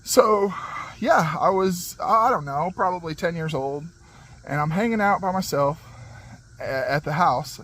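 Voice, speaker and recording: High-voiced animated man telling a story. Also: unhurried, poor audio. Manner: rambling and animated, with many fillers and restarts; laughs as he talks. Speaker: channel host. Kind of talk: casual storytelling monologue.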